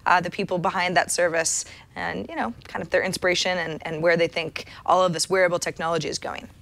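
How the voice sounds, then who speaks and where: A woman's voice: fairly low pitch, fairly even intonation, fast, vocal fry, a bit bright. A woman co-hosting a tech talk show in casual chat, self-deprecating and chatty, often restarting her sentences. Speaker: podcast co-host.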